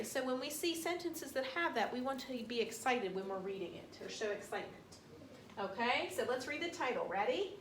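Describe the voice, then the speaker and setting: A woman teacher giving a phonics lesson to young children, sounding out each word slowly and carefully. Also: high voice, fairly bright tone. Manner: slow, sounding out words carefully. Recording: roomy room, distant mic, faint hiss.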